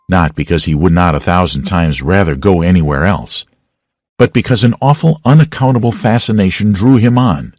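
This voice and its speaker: A man narrating a classic novel as an audiobook reader, with a dramatic, expressive reading. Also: low voice, no room sound, clean studio sound. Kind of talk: scripted narration.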